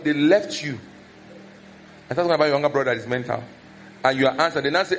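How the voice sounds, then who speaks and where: A man with a Nigerian accent preaches as a pastor, his voice a little high, his speed normal, and his pauses long, over slight background noise. In a raised voice he animatedly acts out scolding and village gossip.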